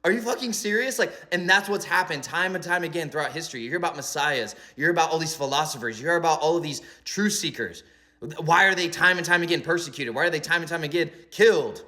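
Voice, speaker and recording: A man's voice: a little high, fast, sharp tone. A young man in a rambling, emphatic philosophical monologue, peppering his talk with "like" and "right?". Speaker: spiritual commentator.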